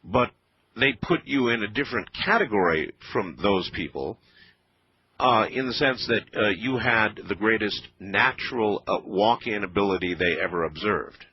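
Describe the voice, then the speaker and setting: A husky, fairly low male voice asking his guest questions with some false starts. The sound is dull and lo-fi, like old radio. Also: expressive. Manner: halting, probing questions. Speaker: interviewer. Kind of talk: radio interview.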